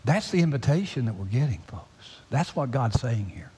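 A man preaching a sermon as pastor, swinging from loud, high pleading to hushed near-whispers. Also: sing-song, normal speed, slightly rough. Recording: long hall reverb.

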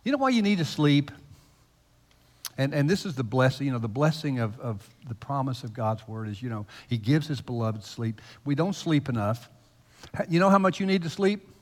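A man's voice: medium pitch, lively intonation, normal speed. Male pastor preaching in a reverberant hall. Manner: conversational, teasing, swings from loud to hushed. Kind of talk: sermon. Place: church sanctuary. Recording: long reverb of a large hall.

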